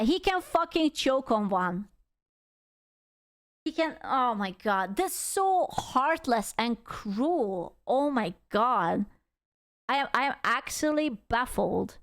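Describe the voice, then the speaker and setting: A woman's voice: sits high, clear, resonant tone. A woman streamer giving casual reaction commentary, ranting in a heated, profane way because she is upset. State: angry and upset.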